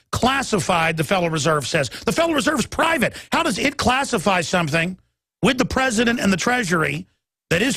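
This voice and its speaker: A man's voice: high voice, gravelly, a bit bright, husky, no room sound. A man hosting a talk radio show, delivering a heated, emphatic monologue and stumbling over repeated words as he pushes his point.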